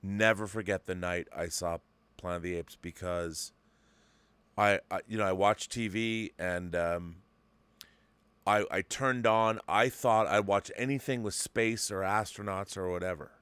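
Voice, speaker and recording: A man in his fifties hosting a casual talk show, telling a story with excitement and many restarts. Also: sits low, a little slow, smooth, no room sound. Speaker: host. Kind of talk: casual podcast chat.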